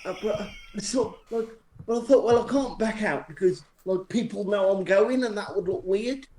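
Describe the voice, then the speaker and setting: A man's voice: sits high, moderate pace, warm tone. A man telling a long anecdote to friends on a live stream, rambling and self-deprecating, often restarting his sentences. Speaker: storyteller on a live stream show. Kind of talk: casual anecdotal storytelling. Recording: echoey room with faint noise.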